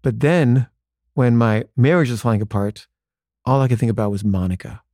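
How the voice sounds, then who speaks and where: With a mellow, medium-pitched voice at normal speed, a man shares a personal story in a relaxed, chatty way. He says "like" often and performs the quoted dialogue himself. The recording is dry and studio quality.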